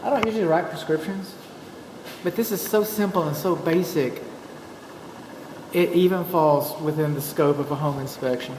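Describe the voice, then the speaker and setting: A man's voice: on the high side, measured pace, pauses often. A man with a Texan accent, a home inspector giving a folksy, chatty walkthrough with joking asides. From Texas. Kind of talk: walkthrough narration to a client. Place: empty new house interior. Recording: echoey empty rooms, steady background noise.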